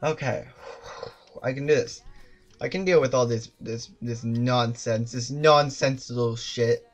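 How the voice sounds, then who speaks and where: Swearing constantly and mocking themself, this streamer provides live gameplay commentary full of loud outbursts and laughter. Their pitch sits in the middle, and they speak a little slowly.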